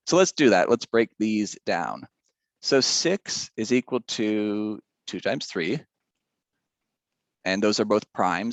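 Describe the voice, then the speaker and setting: Laid back math teacher guy, lowish voice, dry close sound, rambles a lot. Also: dry recording. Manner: chatty, rambling, with side stories. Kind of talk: casual recorded math lesson.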